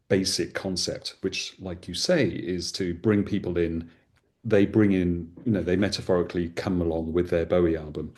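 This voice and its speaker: A man's voice: low-pitched, darkish tone. A man, a podcast host, chatting expansively and enthusiastically in a casual conversation.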